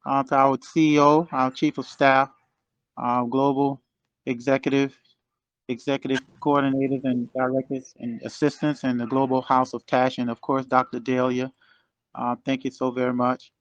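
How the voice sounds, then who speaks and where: A man in his sixties giving a motivational exhortation over a remote call, halting with many fillers and building to fervent emphasis. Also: medium pitch, little pitch movement, clean tone, no room sound, muffled recording. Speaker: guest speaker. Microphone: remote call connection.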